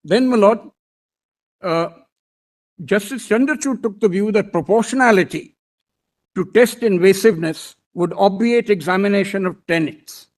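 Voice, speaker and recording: A man with an Indian English accent, a senior advocate making a deliberate, deferential legal argument before a court bench. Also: sits high. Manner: deliberate, deferential, repeats "my lord" often.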